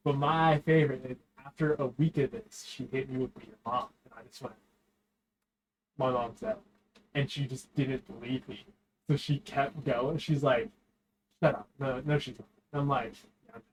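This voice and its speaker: A man's voice: mid-range voice, fairly even intonation, moderate pace, slight background noise, rough recording. A young man chatting casually while gaming, telling stories in a laid-back way, swearing and giggling.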